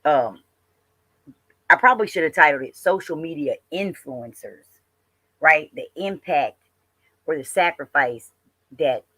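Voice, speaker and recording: A host giving livestream commentary, speaking haltingly with many fillers and addressing viewers directly. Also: medium pitch, animated, bright, forceful tone, husky, rough recording.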